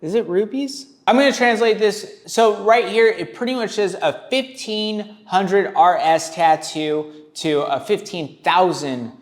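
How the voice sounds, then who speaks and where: A man's voice: sits high, measured pace, hardly any pauses. A man hosting, giving blunt, profane, rambling commentary on tattoos. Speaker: tattoo reaction host.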